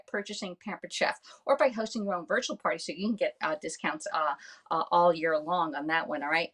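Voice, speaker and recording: A woman's voice: mid-range voice, a bit bright. A woman hosting a casual live cooking demo from her home kitchen, filmed on a phone camera. She chats with viewers, thanks them by name and keeps tagging "all right?" onto her sentences. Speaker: live-stream host selling kitchenware.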